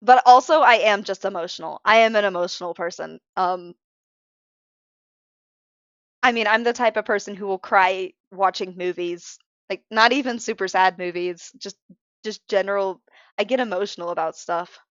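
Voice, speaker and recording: A tired woman streamer, short on sleep, chats casually while she draws on a live stream. Her medium-pitched voice moves fairly quickly, and the recording is dry with the highs cut off. She rambles, interrupts herself, and is frank about being emotional.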